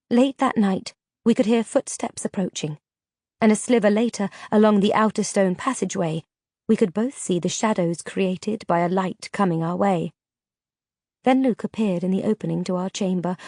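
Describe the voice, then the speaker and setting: A woman's voice: mid-range voice, darkish tone, no room sound. Woman narrating an audiobook, dry sound.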